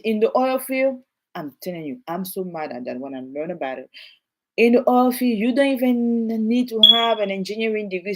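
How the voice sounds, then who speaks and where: Animated woman with a French accent. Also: medium pitch. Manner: animated, repetitive, emphatic, addresses viewers directly. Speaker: realtor. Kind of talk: casual vlog talk to camera.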